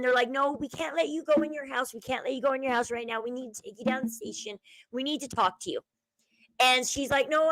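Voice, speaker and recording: A woman's voice: high-pitched, a bit bright, no room sound, poor audio. A young adult woman hosting her own channel, casually retelling a crime story and acting out the quotes. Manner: chatty storyteller, acts out quotes, euphemisms like schmurdered. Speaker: commentary channel host.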